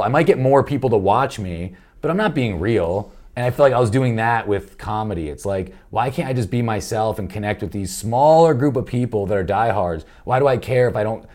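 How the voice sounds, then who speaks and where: A man's voice: mid-range voice, darkish tone. A young adult man, a comedian guest in casual podcast chat, talking candidly and rambling, swearing freely and acting out quotes.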